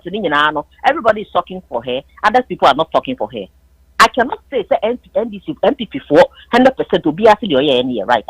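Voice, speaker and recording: Husky Ghanaian woman, emphatic caller. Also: fairly low pitch, no room sound, rough recording. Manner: emphatic, mixes English and Twi. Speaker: caller on a political talk show. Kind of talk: heated political call-in debate.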